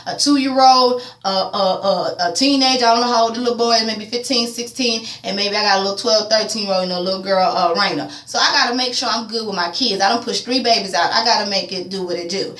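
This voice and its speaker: Animated woman in an echoey room. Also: a little high. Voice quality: animated, profane, slangy. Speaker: TV recap vlogger. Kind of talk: casual TV episode recap. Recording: echoey room, distant mic.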